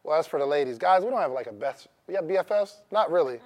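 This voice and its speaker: High-voiced man talking to a crowd. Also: expressive, fast. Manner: conversational, asks the audience questions, repeats key phrases. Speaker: motivational speaker. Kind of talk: live talk to an audience. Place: room with an audience.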